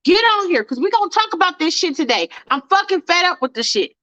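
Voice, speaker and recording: Profane high-voiced woman ranting on a livestream. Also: sing-song, quick pace, sharp tone, dry recording. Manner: blunt, profane, fired-up, talks to chat. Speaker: host of a fan livestream. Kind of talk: casual livestream rant.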